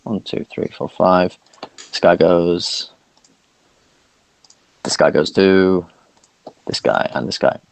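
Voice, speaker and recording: A man narrating a tabletop game as dungeon master, halting with many fillers. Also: deep voice, fairly even intonation, creaky, clear, resonant tone, rough recording.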